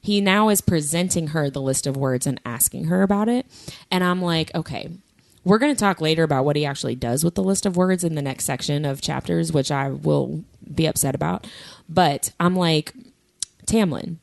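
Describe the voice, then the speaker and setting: A woman co-hosting a podcast, talking casually about a book with quick asides and laughter. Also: low-pitched, vocal fry, no echo. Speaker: podcast co-host.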